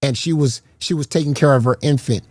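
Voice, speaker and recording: A man's voice: mid-range voice, brisk, a little mellow, no room sound, studio quality. A man streaming a heated, profane rant, confrontational and repeating himself as he calls out rivals. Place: garage.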